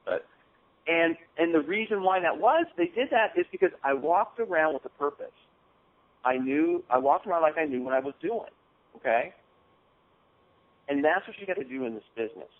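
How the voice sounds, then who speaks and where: A man's voice: a little high, lively intonation, moderate pace, pauses often. Man coaching over a tinny phone line. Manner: casual, repeats "okay?" often. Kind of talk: motivational talk on a call. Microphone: phone call.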